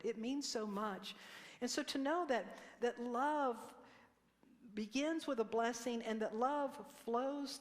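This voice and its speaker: A woman's voice: a little high, big-room sound. A woman minister giving a conversational sermon, leading the congregation in responses and laughing at herself. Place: church sanctuary.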